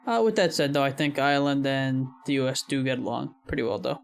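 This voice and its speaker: A man's voice: mid-range voice, fast talker, gravelly, clear, resonant tone. A young American man giving casual, hedging commentary while he watches a video, with frequent light laughs. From United States. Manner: laughs often, many fillers and hedging opinions. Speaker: reaction video host.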